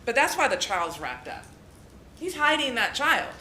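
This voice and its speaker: A woman's voice: fairly high pitch, huge pitch swings, normal speed, roomy sound, noisy background. A woman prosecutor giving a closing argument to a jury, persuasive and emphatic. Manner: persuasive, emphatic, quoting the defendant. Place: courtroom.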